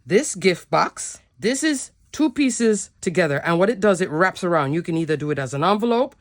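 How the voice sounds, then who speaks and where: A woman's voice: fairly low pitch, very animated, moderate pace, dry recording, clean studio sound. A woman giving a casual, upbeat card-making product demo, chatty and often saying "like".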